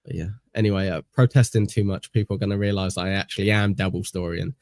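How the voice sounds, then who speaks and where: A British man hosts a casual podcast chat, rambling along with plenty of fillers and self-deprecating asides. His voice sits low and gravelly. The sound is dry and close to the mic. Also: fairly even intonation, fast, a little mellow, no room sound. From England. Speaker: podcast host.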